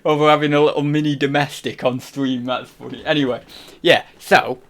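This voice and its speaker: A man's voice: medium pitch, steady tone, a little fast, fairly bright tone. A young man chatting casually on a live stream, rambling and cutting himself off mid-sentence as he jokes. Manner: rambling, self-interrupting, jokey. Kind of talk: casual livestream chat. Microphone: desk microphone.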